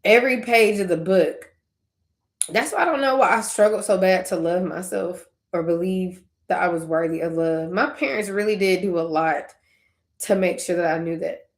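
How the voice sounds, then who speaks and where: A woman's voice: lowish voice, normal speed. Young woman, tearful, rambling casual vlog, laughing in between, roomy echo. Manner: conversational, tangent-prone, laughing through tears. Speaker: faith vlogger. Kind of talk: emotional personal vlog.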